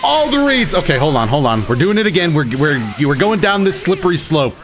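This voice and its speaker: A man giving live commentary on his own fighting-game matches, excitable, swinging between muttering and shouting, his throat a bit rough. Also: on the high side, brisk, faint music behind. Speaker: gaming YouTuber.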